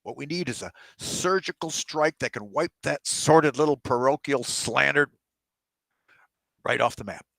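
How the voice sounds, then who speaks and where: Author doing blustering old president, loud, swaggering, gravelly and bright. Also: male voice, mid-range voice, moderate pace, no room sound. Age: older. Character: blustering, boozy aging male US president. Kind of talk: author reading his novel aloud.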